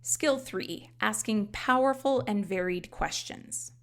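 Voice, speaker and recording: A woman's voice: medium pitch, takes it slowly. A woman hosting a podcast, explaining coaching skills in a conversational teaching manner with frequent casual asides. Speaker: life coach trainer and podcast host. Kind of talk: instructional podcast talk.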